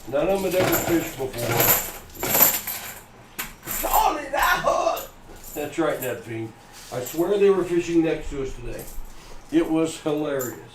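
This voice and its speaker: A man's voice: fairly high pitch, moderate pace. Folksy middle-aged man chatting on a livestream. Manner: chatty, folksy, laughs at his own jokes. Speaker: coin hunting livestream host. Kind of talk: casual live-stream chat. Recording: echoey room, from far off, noisy.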